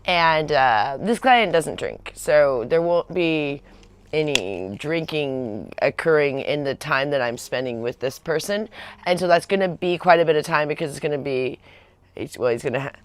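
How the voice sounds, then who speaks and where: A woman's voice: sits low, lively intonation, normal speed, no room sound. A woman in her forties chatting casually on a livestream, rambling with many fillers and restarts. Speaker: vlogger on a livestream.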